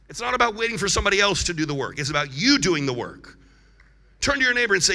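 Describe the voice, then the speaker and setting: A man preaching a sermon as guest evangelist, leading the congregation in call-and-response and building to loud, emphatic shouts. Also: high voice, animated, very fast. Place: large church hall. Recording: long hall reverb from a large church.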